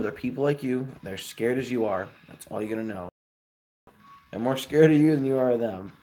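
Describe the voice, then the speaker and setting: Chatty young man on a live stream. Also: medium pitch. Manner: chatty, relaxed, giving friendly advice. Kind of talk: casual live stream chat answering viewers.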